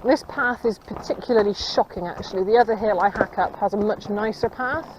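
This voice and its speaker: A woman's voice: medium pitch, a little fast. A woman rambling casually to her viewers and her horse while riding a countryside trail, recorded on a camera mounted on her. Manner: rambling, chatty, talks to her horse between asides. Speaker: equestrian vlogger. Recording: slightly dull audio with faint outdoor noise.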